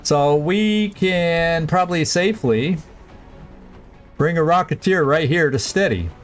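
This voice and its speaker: A man's voice: fairly high pitch, faint music behind. Man thinking aloud over a strategy game. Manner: thinking aloud, halting restarts, planning moves. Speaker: gameplay streamer. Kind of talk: casual let's-play commentary.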